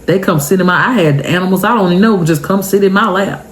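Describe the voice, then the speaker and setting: A young woman tells a personal story to camera, tearful but chatty and full of feeling. She talks straight to her viewers in a mid-pitched voice. A faint hiss sits under the recording. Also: fast talker. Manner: expressive, heartfelt, chatty, addresses viewers directly. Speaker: vlogger. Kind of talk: emotional storytime vlog.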